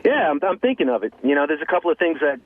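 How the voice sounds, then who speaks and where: A man's voice: a little high, sing-song, very fast, dry recording. Chatty man in his forties on a tinny phone line. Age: 40s. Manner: chatty, hedging. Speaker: caller. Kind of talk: phone-in chat.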